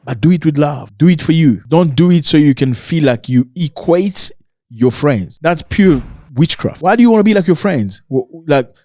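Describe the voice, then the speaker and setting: A man giving a motivational talk to camera, emphatic, repeating lines for stress and now and then mimicking others in a mocking higher voice. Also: animated, normal speed, warm tone, dry recording, clean studio sound. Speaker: motivational speaker.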